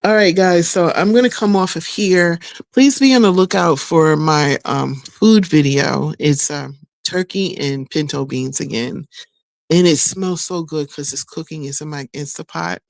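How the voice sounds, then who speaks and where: A woman's voice: deep voice, a little slow, creaky, no echo. Chatty woman vlogger losing her voice. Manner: chatty, rambling, folksy, laughs often. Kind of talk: casual vlog chat.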